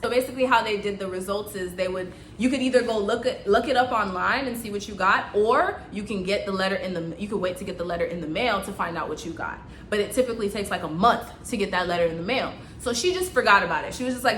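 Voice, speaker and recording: Young woman nurse telling a story, bright voice, lots of "like", roomy echo. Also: mid-range voice, brisk, a little hiss or hum. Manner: animated, emphatic, lots of "like". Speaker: nurse vlogger. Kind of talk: personal storytelling vlog.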